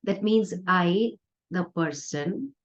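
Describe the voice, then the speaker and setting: A woman spiritual teacher giving a conversational, playful discourse with soft laughs. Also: lowish voice, takes it slowly. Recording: dull lo-fi recording.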